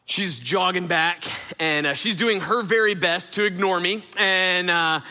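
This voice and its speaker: A middle-aged male pastor gives a relaxed, story-driven sermon in a fairly high, bright voice. He fills his sentences with "uh" and "right?" and talks directly to his listeners. His voice rings out with the long echo of a large hall. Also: measured pace. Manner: storytelling, filler-heavy, addresses audience directly. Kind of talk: conversational sermon.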